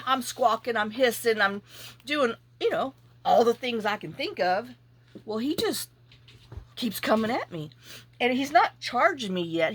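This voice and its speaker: A woman's voice: mid-range voice, a bit bright. Woman, casual crafting vlog, chatty storytelling, acts out her reactions. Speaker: junk journal crafter.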